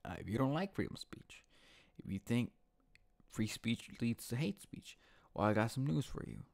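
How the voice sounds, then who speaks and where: A man with a gravelly, fry-edged voice rants heatedly on his own show. He swears constantly and repeats points for emphasis. He speaks at a middle pitch, recording at home. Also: big pitch swings, moderate pace, darkish tone. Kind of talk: profane ranting monologue.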